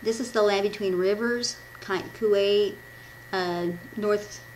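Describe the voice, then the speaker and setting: Woman preacher from the Midwest, informal and self-correcting, mid-pitched, faint hum. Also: steady tone, slow, rough recording. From Midwestern United States. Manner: rambling, self-correcting, laughs at her own slips. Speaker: devotional speaker. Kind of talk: informal church devotion, reading notes.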